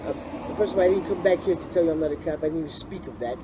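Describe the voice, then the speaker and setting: A man's voice: fairly high pitch, rapid-fire, over a noisy crowd, low-quality recording. A man aggressively taunting and cursing at a stranger, recorded outdoors on a city sidewalk with traffic behind. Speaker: street harasser. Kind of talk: unscripted street confrontation.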